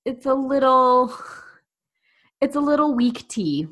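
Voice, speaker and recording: Playful, animated woman podcast co-host. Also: high voice, slow pace. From United States. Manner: playful, animated, laughs often. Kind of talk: casual chat.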